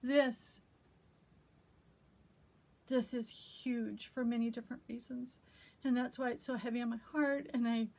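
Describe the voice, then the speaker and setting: A middle-aged woman who hosts a quilting vlog, speaking in a heartfelt, emotional and halting way and reading scripture aloud. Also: on the high side, darkish tone. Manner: emotional, halting, with many restarts. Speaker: quilting vlogger. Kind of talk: heartfelt personal reflection.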